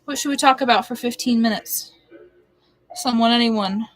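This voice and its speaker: A woman's voice: on the high side, moderate pace, no room sound, rough recording. A young woman chatting casually on a home live stream, rambling between topics and cooing baby talk to her cat. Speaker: livestreamer. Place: home, indoors.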